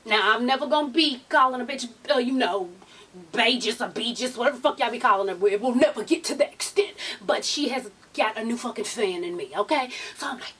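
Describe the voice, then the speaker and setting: A middle-aged woman vlogger in casual chat, talking in an animated, sassy, profane way, a little off the mic. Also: on the high side, fairly quick, far from the mic, slight background noise.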